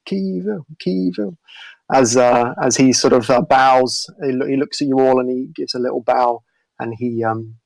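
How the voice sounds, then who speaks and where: A man narrates a tabletop game as its game master, pausing often and restarting his sentences. His mid-range voice has a gravelly edge. The sound is close and dry. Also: medium pitch, no room sound, low-quality recording. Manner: halting, many fillers and restarts.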